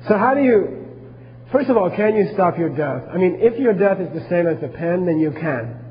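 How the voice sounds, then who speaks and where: A man's voice: high-pitched, big pitch swings, normal speed, in a large hall, muffled recording, soft background music. A man teaching a class on Buddhism, talking casually and asking his listeners questions as he goes.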